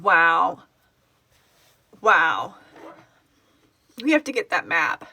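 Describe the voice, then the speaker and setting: Slow and full of frequent pauses, this middle-aged woman's voice runs on the low side, with big swings in pitch and a pushed, bright quality and no echo. As the founder of a fan project, she chats casually on a phone live stream and turns emotional and tearful reading out viewers' locations.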